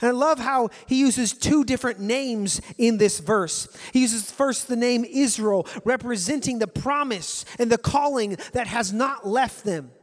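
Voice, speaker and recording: A man's voice: extremely high pitch, a little slow, hardly any pauses, long reverb tail. A male pastor preaching a sermon to his congregation, earnest and repeating key phrases for emphasis.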